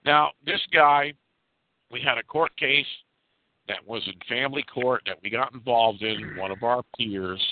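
A man's voice: medium pitch, unhurried, slight background noise. A man from New York State calling into a conference call, telling a long rambling story with many restarts. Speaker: caller. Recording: tinny phone line, dry.

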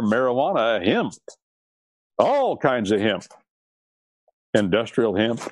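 A man's voice: mid-range voice, big pitch swings, slow pace, long pauses, no echo. A man preaching a sermon on scripture and law, stressing and repeating key words.

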